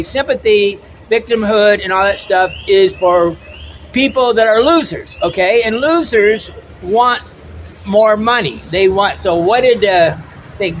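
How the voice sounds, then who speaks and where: A middle-aged American man with a fairly high voice holds forth in a blunt, rambling way, stumbling and repeating his words. Clear traffic noise runs behind him the whole time. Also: a bit bright, rough recording. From United States. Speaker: travel vlogger. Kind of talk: opinionated monologue.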